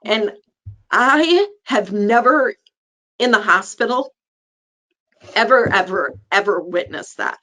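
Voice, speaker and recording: A woman's voice: medium pitch, animated, slow, long pauses, bright, forceful tone. A middle-aged woman, a neonatal nurse practitioner, earnestly telling a personal story in an interview. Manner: earnest, acts out the people in her story.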